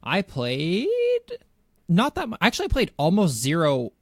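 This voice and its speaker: A man's voice: fairly high pitch, wildly swooping pitch, normal speed, dry recording, clean studio sound. A man co-hosting a gaming podcast, chatting casually and rambling with chuckles. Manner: rambling, many fillers and restarts, chuckling. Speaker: podcast co-host.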